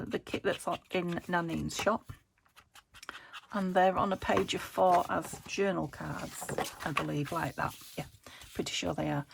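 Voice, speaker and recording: Rambling British craft host, low voice with some fry, talks to herself at the desk, faint hiss behind. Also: female voice. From United Kingdom. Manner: rambling, thinks aloud, laughs often. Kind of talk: chatty crafting vlog. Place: home craft room.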